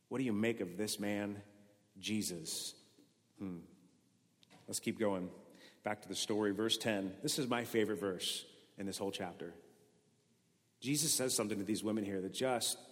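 A man preaching a sermon as a pastor, animated, jumping from loud bursts to hushed, tender lines. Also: mid-range voice. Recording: long hall reverb.

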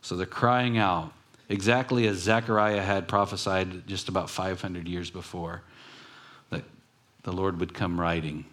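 A man's voice: sits low, steady tone, unhurried, a bit bright. Man preaching a conversational sermon. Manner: storytelling, acting out quoted voices; conversational, self-correcting asides. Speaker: pastor.

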